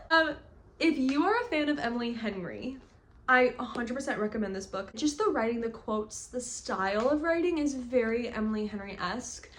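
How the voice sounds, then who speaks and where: A woman's voice: fairly high pitch, lively intonation, normal speed, fairly bright tone. A young woman gushing through a casual book review vlog, chatty and full of "like" fillers. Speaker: book vlogger.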